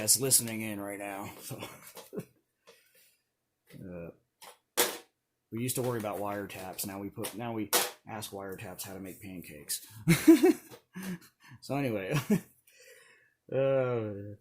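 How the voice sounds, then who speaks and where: A man's voice: lowish voice, background noise. A man talking casually on a home vlog, rambling with conspiratorial asides and frequent chuckles, filmed on a camera on a stand. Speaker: video creator. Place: indoors at home.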